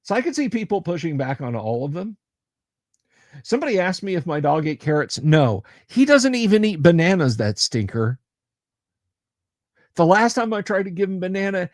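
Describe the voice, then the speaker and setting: A man chatting on his livestream, rambling and often cutting himself off mid-sentence as he answers viewer comments. His voice sits a little higher than most men's. The sound is close and dry, with no room around it. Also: animated, moderate pace, no echo. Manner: rambling, self-interrupting, chatty. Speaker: livestream host. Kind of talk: casual livestream chat.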